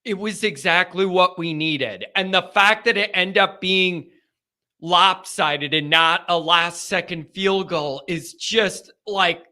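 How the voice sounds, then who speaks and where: A man hosting a live sports reaction show, talking casually with an emphatic, excitable, ranting manner. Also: high voice, takes it slowly. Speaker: sports fan show host.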